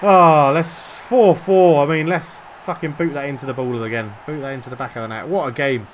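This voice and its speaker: A young man commentating over his own football video game, excitable and swearing when frustrated, swinging from low muttering to shouts. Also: quick pace, a little hiss or hum. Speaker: gaming YouTuber commentating his own match.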